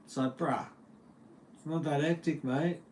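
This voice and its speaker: A man's voice: a little high, steady tone, unhurried, darkish tone, slight background noise. A middle-aged man with an Australian accent, chatting casually and profanely on a livestream as a metal guitar teacher at home. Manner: laid-back, slangy and profane.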